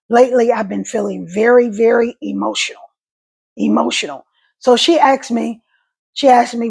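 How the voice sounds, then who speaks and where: A middle-aged woman talking casually to camera about life after a stroke, in halting speech that repeats words, her voice catching and crackling. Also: fairly high pitch, creaky, darkish tone, slightly rough. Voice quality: voice catches and crackles when emotional. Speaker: stroke survivor vlogger.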